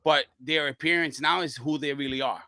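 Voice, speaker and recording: Animated New man telling stories. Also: fairly high pitch, brisk, dry recording. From Brooklyn, New York. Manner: animated, slangy storyteller. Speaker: podcast guest, wrestler. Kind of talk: casual storytelling.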